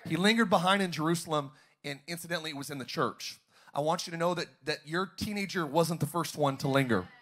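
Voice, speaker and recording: A man's voice: on the high side, fast, fairly bright tone. A young adult man, a pastor, preaching a sermon in a church auditorium and drawing call-and-response from the congregation.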